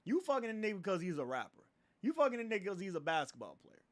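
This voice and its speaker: A man's voice: high voice, big pitch swings, racing. A young man hosting a livestream, ranting in a casual, profane way with laughs and repeated filler phrases. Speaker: livestream host.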